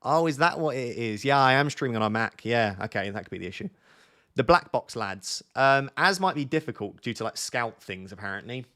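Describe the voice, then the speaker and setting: A man of ordinary pitch who talks at length in an easygoing, joking way, answering viewer questions on a live stream from his home setup. He rambles happily from one answer to the next. He is relaxed and quick to tease. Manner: waffling, joking. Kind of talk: casual live-stream chat.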